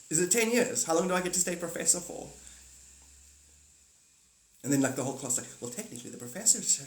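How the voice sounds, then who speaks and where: A man streaming live, rambling through a spiritual monologue, laughing often and slipping into little acted-out skits. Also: mid-range voice. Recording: roomy echo.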